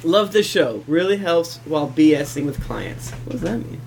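A man's voice: a little high, lively intonation, normal speed, creaky. Man, podcast co-host, casual chat, reads reviews aloud, faint noise behind.

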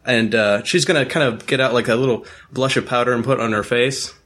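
A man's voice: mid-range voice, fairly even intonation, fairly quick, a bit bright. A man playing a tabletop game, speaking in character with a sweet-talking, coaxing manner. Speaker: player. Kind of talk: in-character tabletop role-play.

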